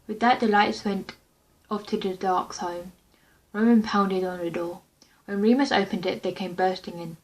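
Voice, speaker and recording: A woman's voice: mid-range voice, steady tone, normal speed, low-quality recording. Woman casually reading her fan story. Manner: plain unpolished reading with small slips and restarts. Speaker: fan script reader.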